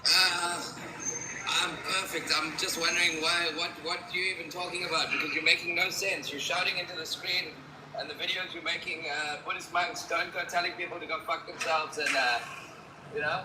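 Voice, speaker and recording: A man's voice: fairly high pitch, steady tone, normal speed. A man calling into a live stream, confrontational and scolding the host. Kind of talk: heated argument. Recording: roomy, distant call audio with background noise.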